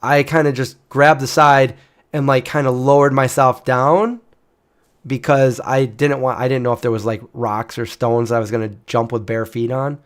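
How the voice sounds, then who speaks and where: A man in his forties tells a long personal story in a loose, chatty way. His pitch sits in the middle, and he keeps doubling back with fillers and restarts. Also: steady tone, normal speed. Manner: rambling, with frequent restarts and fillers. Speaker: channel host. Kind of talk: casual storytelling.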